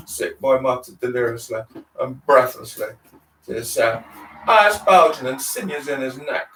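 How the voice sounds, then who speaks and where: A man reading a novel aloud, giving the characters expressive dialect voices. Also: medium pitch, normal speed, slight background noise. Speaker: reader. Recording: roomy, distant mic.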